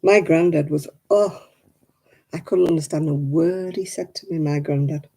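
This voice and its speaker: A woman from Oldham with a softened northern English accent, chatting casually on her crafting video and laughing often. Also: low voice, steady tone, normal speed, creaky, husky. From Oldham, England. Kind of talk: casual chat.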